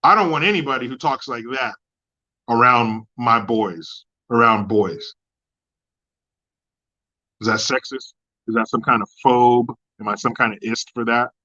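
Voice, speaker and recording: A man hosting a livestream, ranting in crude commentary and reading chat, with mocking jabs that swing from loud outbursts to low mutters. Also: lo-fi sound. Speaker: livestream host.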